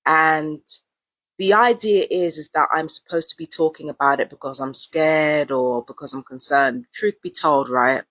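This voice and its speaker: A woman vlogs at length in a casual monologue, rambling, repeating things and using slang. She has a low, slightly bright voice at a moderate pace, with no room sound.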